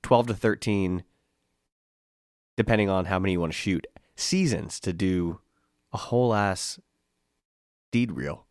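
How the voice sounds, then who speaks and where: Low-voiced, wry podcast co-host. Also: male voice, a little slow, pauses often, a little mellow, no echo, studio quality. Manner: wry, joking remarks. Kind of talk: casual chat.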